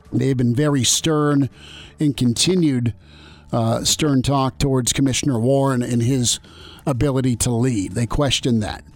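A man hosting a sports radio show, chatting loosely and joking with fillers and restarts. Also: medium pitch. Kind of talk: casual sports radio talk.

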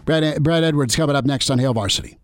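A man's voice: medium pitch, fast talker, no echo. A man hosting a sports radio show, chatting loosely and joking with fillers and restarts. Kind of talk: casual sports radio talk.

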